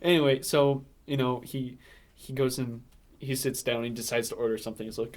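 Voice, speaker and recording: A man's voice: mid-range voice, flat delivery, normal speed, a little mellow. Rambling male podcast co-host. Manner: rambling, filler-heavy, laughs often. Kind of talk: casual movie recap chat.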